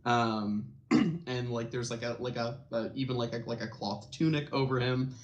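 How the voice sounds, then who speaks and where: A young man in a tabletop game, describing his character in a halting way, full of fillers. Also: medium pitch, fairly even intonation, dull audio. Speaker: player.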